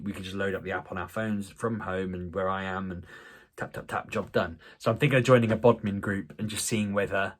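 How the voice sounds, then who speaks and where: A man, talking casually to camera in a rambling, self-deprecating way with many restarts. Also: on the low side. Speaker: vlogger. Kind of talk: casual vlog talk to camera.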